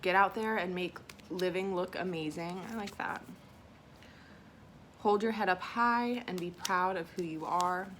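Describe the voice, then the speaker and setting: Soft-spoken woman, lowish voice, teary. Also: unhurried, a little hiss or hum. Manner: emotional and self-conscious, soft and tearful at times. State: teary after crying. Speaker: unboxing vlogger. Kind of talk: casual unboxing chat, reading affirmation cards aloud.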